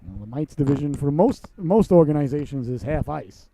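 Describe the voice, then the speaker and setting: A man in his late forties calling a youth hockey game play by play, switching between excited play calls and chatty, self-deprecating asides. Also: a little hiss or hum. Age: 40s. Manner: voice rises and speeds up on rushes, drops low for asides. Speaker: play-by-play announcer.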